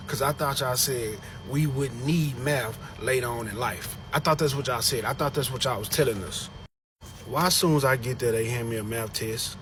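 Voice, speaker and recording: A man spins a joking, exaggerated story, swearing for emphasis. His voice sits mid-range, and loud background noise with passing vehicles runs under him. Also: mid-range voice. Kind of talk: comic storytelling rant.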